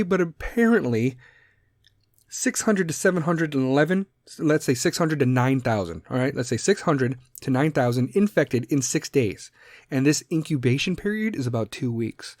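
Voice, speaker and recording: A man's voice: medium pitch, darkish tone, no echo, clean studio sound. A man hosting a solo podcast, talking bluntly and sarcastically and swearing constantly. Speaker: podcast host. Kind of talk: profane solo podcast rant.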